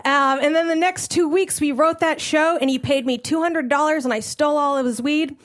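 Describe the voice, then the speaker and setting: A high-pitched young woman performing stand-up. She tells the story with lots of energy and breaks into laughter between lines. Her delivery is loose and conversational. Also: a little fast. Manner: animated, laughing through the story. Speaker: stand-up comedian.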